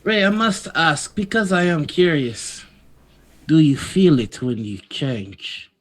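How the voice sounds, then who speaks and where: A man voicing a formal, courteous adventurer who speaks in measured phrases. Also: on the high side, sing-song, heavily acted. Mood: earnest.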